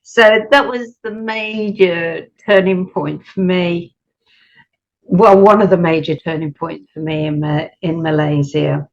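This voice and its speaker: A middle-aged woman from the UK answers an interviewer, animatedly telling her story and voicing the people in it. Her voice is low, steady and unhurried, on muffled, lo-fi audio.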